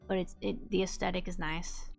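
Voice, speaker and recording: A woman chatting casually on a livestream as she plays a game, bubbly and quick to giggle, warmly greeting her viewers. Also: fairly low pitch, fairly even intonation, vocal fry, soft background music. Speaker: streamer playing a game.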